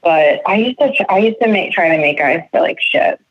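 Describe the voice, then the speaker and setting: A woman's voice: lowish voice, expressive, fairly quick. A woman in her thirties, a podcast co-host, talking candidly and self-deprecatingly in casual chat. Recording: phone-like thin sound.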